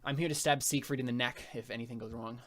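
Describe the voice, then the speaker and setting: Brief: a calm, protective woman companion played by a man, matter-of-fact and bright. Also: mid-range voice, quick pace, lightly acted.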